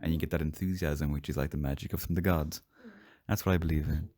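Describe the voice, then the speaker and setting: Deep-voiced fast-talking man, casual podcast host. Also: dry recording, studio quality. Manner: relaxed storyteller, explains ideas at length. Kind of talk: casual chat.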